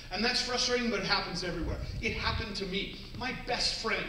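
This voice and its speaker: A man's voice: sits high, fast talker, few pauses, noisy background. A man in his forties from Canada, giving a playful, jokey talk to students on a stage and acting out little scenes. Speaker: motivational speaker. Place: large hall, on stage. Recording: echoey hall, mic from far off.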